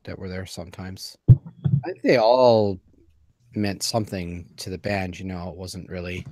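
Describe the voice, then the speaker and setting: A man's voice: low voice, moderate pace, a little mellow. A man co-hosting a casual talk show, rambling and hesitant as he thinks aloud. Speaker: podcast co-host. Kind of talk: casual chat.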